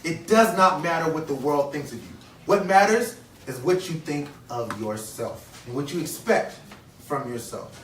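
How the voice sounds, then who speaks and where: A man's voice: a little high, animated, measured pace, slight background noise. A man in his thirties giving an earnest motivational speech to kids at a conference, repeating key phrases and quizzing the audience. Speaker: motivational speaker. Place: conference hall. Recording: echoey hall, distant mic, faint ambience.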